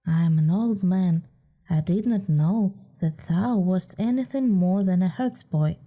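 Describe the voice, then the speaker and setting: A woman's voice: fairly low pitch, measured pace, dark tone. A woman reading aloud voices a frightened old village hunter, speaking humbly. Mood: fearful humble. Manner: fearful, humble.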